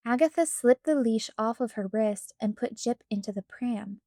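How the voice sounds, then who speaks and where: A woman narrating a children's storybook with expressive, even storytelling. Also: a little high, moderate pace, few pauses, no room sound, studio quality. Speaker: audiobook narrator.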